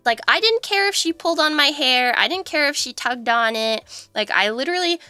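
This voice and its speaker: Young woman streamer, high and bright, chatty storyteller who laughs a lot; casual livestream chat. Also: lively intonation, brisk, no room sound, faint music behind.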